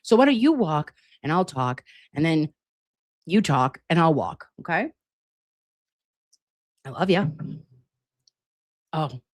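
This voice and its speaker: Woman streamer at home, low-pitched, dry close sound, rambling, swearing and affectionate with her audience. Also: sing-song, slow pace, long pauses, a little mellow, no echo. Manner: chatty, profane, playful, calls viewers lovies and babes. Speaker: livestream host. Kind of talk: casual livestream chat. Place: home, at a laptop with air conditioning running. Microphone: laptop setup.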